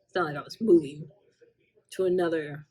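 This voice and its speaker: A woman's voice: sits low, fairly even intonation, moderate pace, darkish tone, husky. A young woman vlogger telling a casual storytime with lots of animation, acting out quotes and laughing often.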